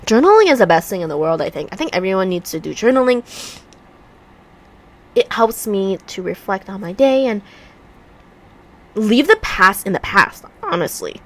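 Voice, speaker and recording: At home in a room by a heater, a woman vlogs while working on a puzzle, chatting casually and rambling through stories. Her congested voice is mid-range and sing-song, moving at a moderate pace with frequent pauses.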